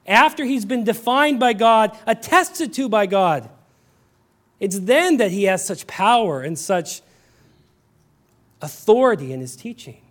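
A male pastor preaching a sermon, moving from hushed storytelling to raised, emphatic exclamations. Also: high voice, animated, measured pace, long pauses.

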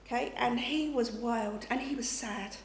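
Middle-aged woman, preacher, conversational and chatty, slightly high voice, roomy echo. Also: measured pace. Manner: chatty, checks in with listeners with "okay?" and "you know". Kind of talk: conversational sermon. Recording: echoey room, faint background noise.

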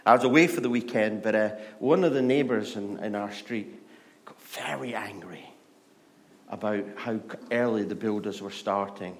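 A middle-aged Scottish pastor preaching a sermon, telling stories and moving between hushed and loud, lively delivery. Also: male voice, on the low side, moderate pace. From Scotland. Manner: storytelling, shifts from hushed to loud and animated.

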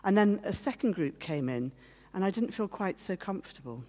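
A woman's voice: medium pitch, lively intonation, moderate pace, mellow. A woman giving a heartfelt personal testimony as a guest speaker, telling her story and acting out the voices of others. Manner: heartfelt, at times teary. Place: meeting hall.

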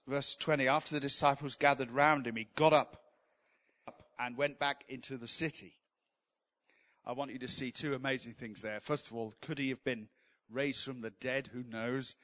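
A man's voice: mid-range voice, sharp tone. A man giving an informal, enthusiastic Bible teaching in a church session, talking conversationally with frequent restarts.

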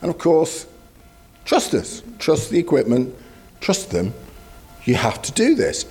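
Brief: male preacher, husky voice, chatty lively sermon delivery, faint music underneath. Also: on the high side, measured pace. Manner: conversational, animated, storytelling with asides.

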